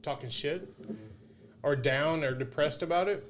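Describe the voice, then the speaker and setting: A man co-hosting a podcast in casual chat, excitable and emphatic, swearing freely. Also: a little high, a little slow, slight background noise.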